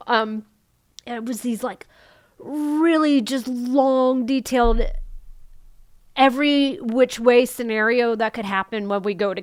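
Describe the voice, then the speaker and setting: A middle-aged woman telling her own story as a podcast guest, halting and soft-spoken, often trailing off and restarting. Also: medium pitch, no room sound. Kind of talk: candid personal storytelling.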